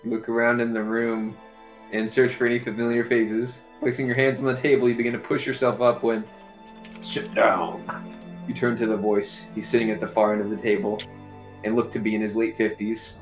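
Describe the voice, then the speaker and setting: A man playing a streamed story game, reading his turns aloud in an even, straight way. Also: medium pitch, brisk, soft background music.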